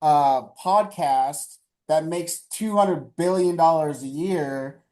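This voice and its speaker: A man's voice: on the high side, darkish tone. A man co-hosting a casual podcast, speaking emphatically with frequent restarts and some swearing. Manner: emphatic, halting, with restarts and profanity. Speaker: podcast co-host. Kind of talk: casual political podcast chat.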